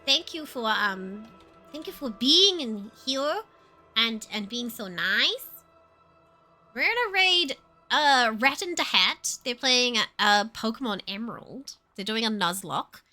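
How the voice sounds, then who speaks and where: A young woman chatting casually on a livestream, animated, laughing often and swearing. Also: fairly high pitch, takes it slowly, soft background music. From New Zealand. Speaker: streamer.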